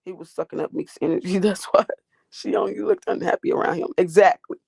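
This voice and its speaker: A woman's voice: lowish voice, fairly quick, gravelly, a little mellow, breathy edge, no room sound, clean studio sound. A woman hosting a livestream, ranting and talking back to her chat in a profane, confrontational way. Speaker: livestream host.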